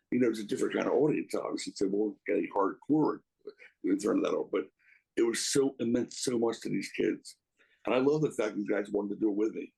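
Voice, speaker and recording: A man's voice: lowish voice, vocal fry, a little mellow, slightly rough, rough recording. A middle-aged man, a guest reminiscing in a casual interview, rambling and emotional with many restarts.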